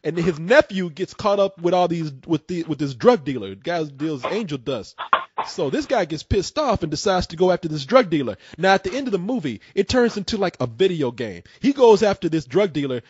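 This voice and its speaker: A man hosting a casual call-in show, an excitable storyteller who acts out scenes with loud bursts. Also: a little high, fairly quick, slightly rough, muffled recording.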